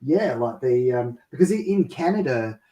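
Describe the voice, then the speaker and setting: A man's voice: medium pitch, lively intonation, normal speed, dark tone, distant mic, dull audio. A man from Australia chatting casually on a live stream, hesitant, with many fillers and restarts. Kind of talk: casual chat.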